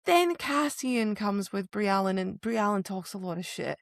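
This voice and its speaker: Woman, podcast co-host, mid-pitched, animated ranting delivery, dry close mic. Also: a little slow, vocal fry, dry recording. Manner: animated, ranting retellings with sudden emphatic outbursts. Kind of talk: casual book-discussion chat.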